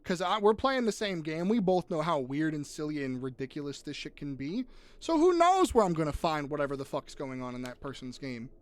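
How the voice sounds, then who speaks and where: A young man chatting casually on a live gaming stream, jokey and swearing, quick to tear up. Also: fairly high pitch, dry recording. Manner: animated, swearing, jokey, easily teary.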